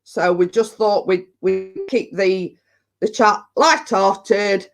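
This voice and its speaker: A woman's voice: medium pitch, steady tone, slow, faint music behind. A woman hosting a casual chat stream from home, telling rambling anecdotes and laughing often. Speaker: host of a live chat stream. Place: at home indoors.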